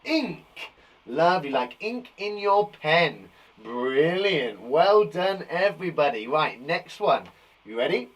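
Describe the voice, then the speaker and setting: A man with a British accent teaching a phonics lesson to young children, sounding out words slowly and encouraging them. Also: on the high side, very animated.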